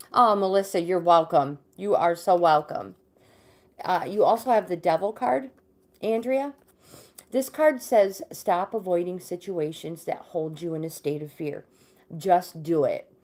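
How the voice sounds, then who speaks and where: Live-stream host, woman, a little low-pitched; casual tarot reader who pauses and fills between card meanings. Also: a little mellow. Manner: chatty, greets viewers by name between readings; reads card meanings aloud with pauses and fillers.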